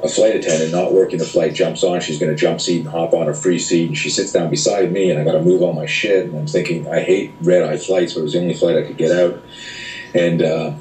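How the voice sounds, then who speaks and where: A middle-aged man, a self-defense instructor, telling stories in an interview, animated and blunt with some swearing, acting out the people he quotes. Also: deep voice, fast talker. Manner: animated, profane, acts out quoted voices. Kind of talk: casual interview storytelling. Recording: roomy echo, speaker off-mic, faint noise.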